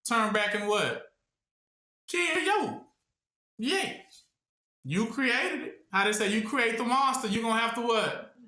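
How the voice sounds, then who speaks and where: A man preaches in a loose, repetitive way, leaving questions hanging for his listeners to complete. His voice sits high and sounds bright and sharp. The recording carries a roomy echo. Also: expressive, slow pace, pauses often. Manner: asks rhetorical questions for the listeners to finish. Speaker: Bible teacher. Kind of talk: call-and-response Bible teaching.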